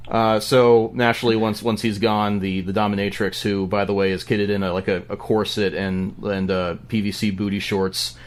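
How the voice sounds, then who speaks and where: A man telling a story on a podcast in an animated way, with lots of stammering restarts. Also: fairly low pitch, moderate pace, hardly any pauses. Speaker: podcast guest. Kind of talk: casual podcast chat.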